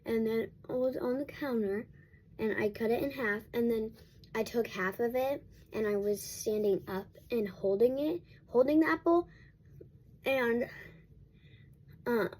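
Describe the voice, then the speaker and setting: A woman's voice: a little high, dark tone, breathy edge. A young woman vlogger telling a casual storytime at home while getting ready, rambling with many restarts and fillers.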